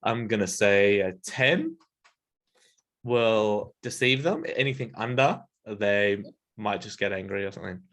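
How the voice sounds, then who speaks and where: A man's voice: lowish voice, a little slow, a bit bright. A man running a casual tabletop game, narrating with a rambling, filler-heavy manner. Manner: rambling, lots of "like" and "um". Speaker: game master.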